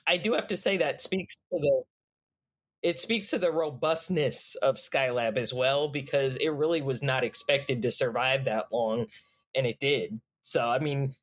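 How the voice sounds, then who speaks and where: A woman, chatting as a podcast guest, enthusiastic and quick to laugh. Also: rumbling low. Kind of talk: casual chat.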